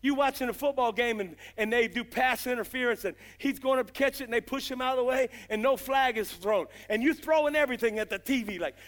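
Middle-aged male revival preacher, high and bright, impassioned and folksy. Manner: impassioned, shouting bursts, drawn-out emphasis; folksy, uses "gotta" and "ain't". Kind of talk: fiery revival sermon.

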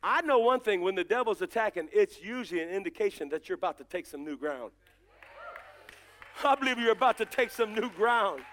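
Man, pastor, very high voice, fervent sermon, folksy humor, shouting peaks, church. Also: animated, fairly quick. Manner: fervent preaching that rises to shouts; folksy and joking, addresses members of the congregation.

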